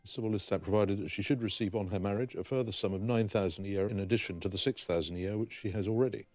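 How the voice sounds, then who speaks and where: A man explaining archive documents to the camera, reading out passages and walking through what they mean. His voice sits fairly low, with faint music behind him. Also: steady tone, fast talker, darkish tone, no room sound. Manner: explanatory, reads passages from papers. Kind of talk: documentary interview.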